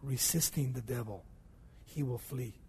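A male preacher giving a sermon, swinging from hushed low passages to loud emphatic peaks and asking and answering his own questions. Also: unhurried, breathy edge. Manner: asks and answers rhetorical questions. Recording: long hall reverb.

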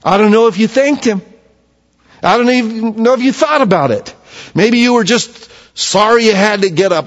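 A man preaching a sermon, moving between hushed low lines and raised emphatic ones. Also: moderate pace. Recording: dull sound with long hall reverb.

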